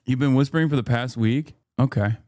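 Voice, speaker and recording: A man's voice: medium pitch, a little fast, a little mellow, no room sound, studio quality. A man in his thirties talking casually on a live stream, rambling with restarts and fillers and reading viewer comments aloud.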